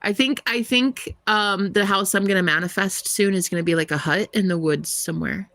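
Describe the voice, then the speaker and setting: A woman's voice: mid-range voice, normal speed, fairly bright tone, no room sound. A young American woman, a tarot reader, chatting casually and giggling with her live viewers, rambling with lots of "like". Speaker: tarot reader livestream host.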